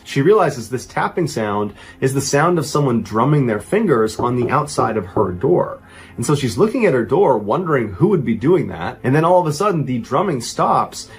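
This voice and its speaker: A man telling a true crime story as host, with animated, dramatic emphasis. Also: medium pitch.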